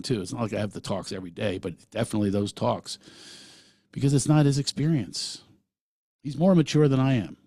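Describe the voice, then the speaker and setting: A man's voice: lowish voice, gravelly, a little mellow, husky, dry recording, studio quality. A man hosting a solo podcast, talking earnestly and emphatically and sometimes acting out other voices. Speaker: podcast host.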